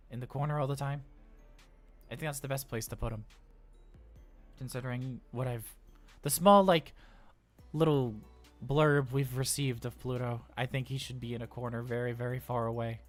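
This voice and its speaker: A man on a live role-play stream gives a mid-range voice, near his everyday one, to an anxious but cheerful male robot daycare attendant. The character is talkative and flustered, rambling and stammering.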